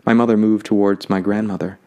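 A man narrating a fantasy story in a calm, lyrical way. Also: lowish voice, a little fast.

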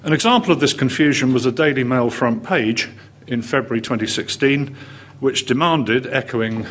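A man giving a formal history lecture to an audience, measured and with dry wit. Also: medium pitch, fairly bright tone, slightly rough. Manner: measured, dry wit, read from a prepared text. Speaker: guest lecturer, history professor. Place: lecture hall.

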